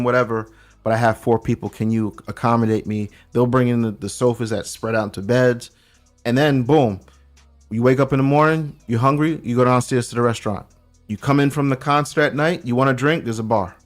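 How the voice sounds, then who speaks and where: A New York man tells stories in a loose, slangy way on a remote call, his voice at an everyday middle pitch. He acts out the people he quotes as he goes. Faint music plays behind him. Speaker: podcast guest. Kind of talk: casual chat.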